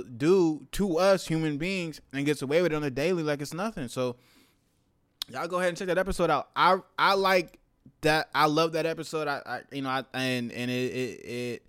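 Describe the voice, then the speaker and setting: Slangy animated young man, smooth voice. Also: medium pitch. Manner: slangy, profane, animated rants. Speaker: podcast host. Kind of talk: casual monologue.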